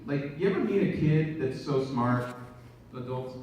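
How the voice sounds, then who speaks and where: A man's voice: medium pitch, animated, unhurried, a little mellow, recorded from a distance, slight background noise. A man in his late thirties doing live stand-up, teasing the crowd playfully on a handheld mic in a big auditorium. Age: late 30s. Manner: playful, teasing crowd work with acted quotes. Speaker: stand-up comedian and guest actor. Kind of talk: live stand-up with audience banter. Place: large college auditorium stage. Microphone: handheld mic, heard from far off. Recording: echoey hall audience recording from afar.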